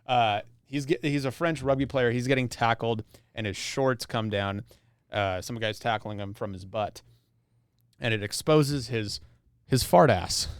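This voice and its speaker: A man's voice: mid-range voice, measured pace, smooth, dry recording, clean studio sound. A young man co-hosting a podcast, chatting casually and joking, often laughing and restarting his sentences. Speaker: podcast co-host. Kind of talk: casual chat.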